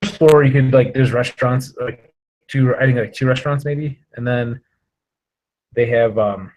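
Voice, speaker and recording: A man's voice: medium pitch, normal speed, darkish tone, rough recording. A man hosting a podcast, chatting casually in a rambling, hesitant way with lots of fillers. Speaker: podcast host. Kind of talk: casual chat.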